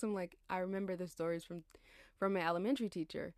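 A woman's voice: mid-range voice, fairly even intonation, fast, darkish tone, no echo, clean studio sound. A young woman in her twenties rambling casually and tiredly about her life, chatty and slangy, laughing as she digresses. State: tired, yawning. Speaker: podcast host.

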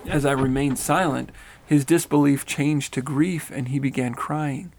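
Gravelly man reading a story. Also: mid-range voice, unhurried. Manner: steady, earnest reading. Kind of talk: reading a first-person story aloud.

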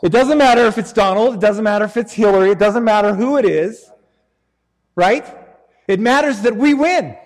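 A man preaching a sermon in an animated, joking, conversational way. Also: sits high, normal speed, big-room sound.

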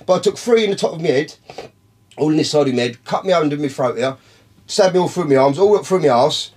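A man's voice: a little high, expressive, fast, darkish tone, slightly rough. A man, telling a long, profane story in casual talk, rambling and calling his listeners by name. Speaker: podcast guest.

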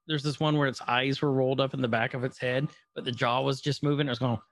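A man chatting casually, recounting scenes and slipping into quick character voices as he tells them. His voice sits in an ordinary middle pitch, relaxed and unforced. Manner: animated storytelling, acting out scenes in quoted voices. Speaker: co-host reacting to a series. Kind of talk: casual chat.

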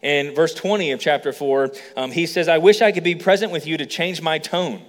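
Animated male preacher in a reverberant hall. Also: normal speed. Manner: animated preaching, acts out quoted lines with rising pitch. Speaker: pastor. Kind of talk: sermon. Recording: long reverb of a large hall.

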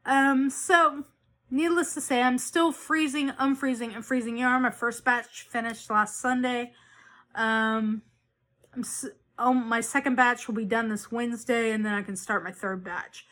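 A woman with a somewhat high voice hosts a homemade knitting podcast. She chats casually, rambling from one thought to the next. She often breaks off and restarts her sentences. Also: steady tone, unhurried, sharp tone. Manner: rambling, chatty, with frequent restarts and self-corrections. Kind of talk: casual chat.

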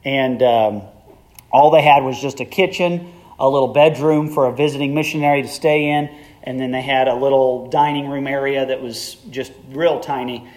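A man's voice: medium pitch, steady tone, moderate pace, a little mellow. A middle-aged man preaching a sermon as a pastor, telling a story in a conversational way that climbs to emphatic peaks.

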